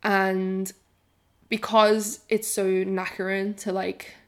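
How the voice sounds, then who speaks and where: A woman's voice: mid-range voice, little pitch movement, slow pace, smooth. A woman in her twenties, a podcast co-host talking candidly in a rambling, casual way, full of "like" and the odd swear. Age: 20s. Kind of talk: casual chat.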